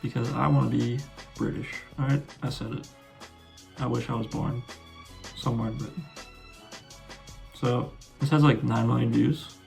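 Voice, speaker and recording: A man's voice: mid-range voice, fairly even intonation, normal speed, gravelly, pauses often, darkish tone, faint music behind. An American man hosting a reaction video, laid-back and casual, joking and swearing. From United States.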